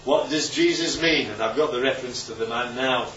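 This preacher speaks a little fast in a mid-range, fairly bright voice, with slight background noise. He delivers a casual, conversational Bible talk and keeps checking in with the people listening. The sound is roomy, distant and dull.

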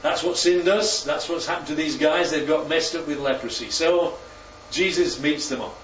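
A man preaches a sermon in a slightly high, somewhat bright voice at normal speed, often questioning his congregation and repeating their answers back. The hall recording is roomy, distant, and muffled, with a little hiss or hum.

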